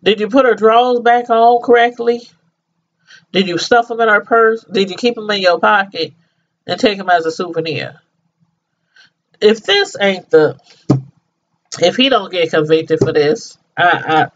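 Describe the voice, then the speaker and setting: A woman's voice: medium pitch, unhurried, pauses often. Middle-aged woman vlogger, emphatic, talks straight to viewers, slangy, repeats herself, lo-fi dull sound. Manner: emphatic, repeats phrases for effect; addresses viewers directly, informal slang. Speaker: vlogger commenting on news. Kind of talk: casual commentary to viewers.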